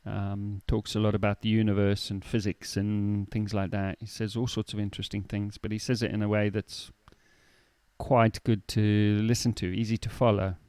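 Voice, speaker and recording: Smooth, low-voiced male podcast co-host. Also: flat delivery, darkish tone, no echo. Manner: explains words slowly with definitions and quotes. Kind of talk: casual chat about word meanings.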